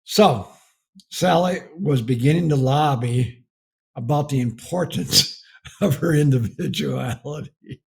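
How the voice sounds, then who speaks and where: A man's voice: fairly high pitch, animated, a little slow, creaky, husky. A middle-aged man from the United States giving a folksy storytelling sermon about marriage, chuckling as he goes. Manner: folksy, laughs through his story. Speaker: speaker on marriage.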